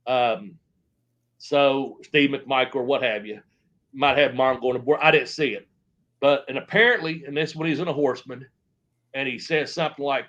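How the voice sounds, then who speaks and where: A man's voice: medium pitch, moderate pace, fairly bright tone, highs cut off. A man, a former wrestler telling stories in a long interview, rambling and swearing as he goes. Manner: rambling, profane, trailing off into restarts. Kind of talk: shoot interview storytelling.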